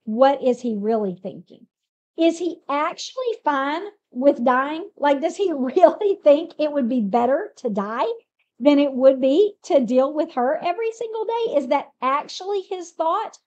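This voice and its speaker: A woman casually retelling a Bible story in a chatty, animated way, asking rhetorical questions. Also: high-pitched, measured pace, lo-fi sound. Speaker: Bible teacher.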